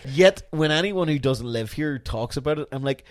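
A man's voice: medium pitch, lively intonation, normal speed, no echo. A man co-hosting a podcast in casual chat, rambling and swearing freely. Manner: rambling and profane, with frequent restarts. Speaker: podcast co-host.

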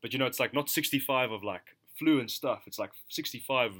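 Bright-voiced young South African man. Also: medium pitch, brisk. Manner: laid-back, slangy, laughs between lines. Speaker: podcast co-host. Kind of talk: casual storytelling chat.

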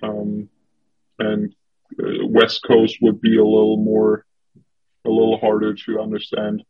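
Brief: man, second-language speaker, hesitant guest. Low, flat, husky. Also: unhurried, highs cut off, soft background music. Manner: hesitant, many fillers and restarts. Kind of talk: casual conversation.

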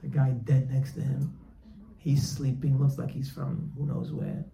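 A religious teacher, a man, telling a story in a sermon, animated and acting out the characters. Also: mid-range voice, measured pace, gravelly. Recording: echoey room, faint background noise.

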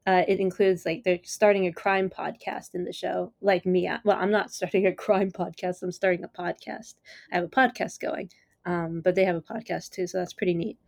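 Rambling low-voiced woman podcaster. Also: steady tone, a little fast, vocal fry, a little mellow, no echo, studio quality. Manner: rambling, lots of "like" and "you know"; enthusiastic, easily amused. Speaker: podcast host. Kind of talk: casual solo chat.

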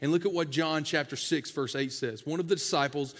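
Male pastor, a touch high-pitched, folksy and conversational, long reverb. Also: a little fast, fairly bright tone. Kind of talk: sermon.

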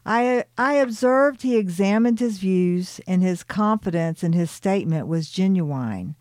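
A woman reading a channeled spiritual story aloud and adding her own reflective, soft-spoken commentary with light laughs. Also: medium pitch, animated, unhurried, no echo, clean studio sound.

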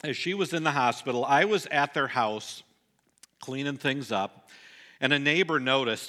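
A middle-aged man delivering a sermon, telling a personal story earnestly and dropping soft and low at the sad moments. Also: normal speed. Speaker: pastor.

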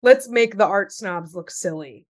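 A woman's voice: medium pitch, measured pace. A woman in her thirties hosting a podcast in casual chat, chatty and full of fillers, swearing now and then. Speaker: podcast host and storyteller.

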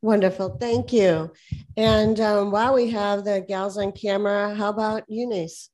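A woman hosts a panel discussion and hands the floor to each speaker in turn. Her voice sits in a middle pitch. She keeps her prompts short and encouraging. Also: fairly even intonation, unhurried, a little mellow. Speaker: moderator.

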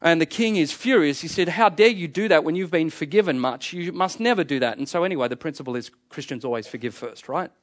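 A man's voice: a little high, fast talker, few pauses. A middle-aged man preaching a sermon, emphatic and fond of repeating key phrases. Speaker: pastor.

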